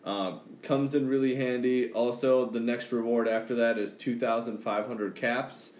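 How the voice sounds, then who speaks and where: A man's voice: mid-range voice, steady tone, moderate pace, darkish tone, reverberant. A man co-hosting a podcast, chatting casually and rambling about the games he plays. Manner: rambling, loose, swears casually. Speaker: podcast co-host. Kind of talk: casual chat.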